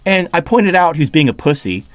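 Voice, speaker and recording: Heated, profane man, fairly high voice. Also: very animated, brisk, no room sound. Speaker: podcast host. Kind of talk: casual ranting chat.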